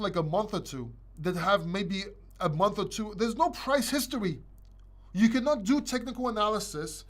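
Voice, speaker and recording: Male live-stream host, high-pitched, blunt and emphatic, slightly breathless. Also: fairly bright tone. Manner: blunt, emphatic, repeats himself, swears. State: short of breath, a little sick. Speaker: crypto channel host. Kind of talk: live stream Q&A, opinionated rant.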